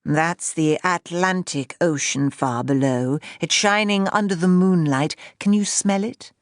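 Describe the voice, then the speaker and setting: Brief: woman playing a playful uncle, velvety slow drawl, low and unhurried, dry close read. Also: no room sound, lightly acted. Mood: dreamy. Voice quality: smooth, velvety conductor's drawl. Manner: slow, theatrical storytelling. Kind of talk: audiobook character voice.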